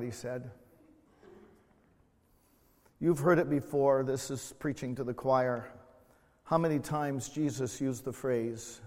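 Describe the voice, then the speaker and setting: A middle-aged man preaching a sermon in a church, slow and emotional, swelling loud then dropping to quiet tones. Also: mid-range voice, fairly even intonation, long reverb tail. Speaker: pastor. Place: church sanctuary.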